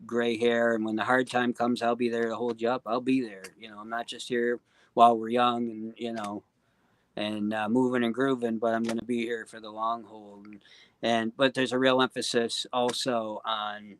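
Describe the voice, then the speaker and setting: A guest singer-songwriter talks in a casual interview, earnest and heartfelt, rambling with plenty of "you know" and "um" as he gets choked up. His mid-range voice holds a level tone at a moderate pace, with slight background noise.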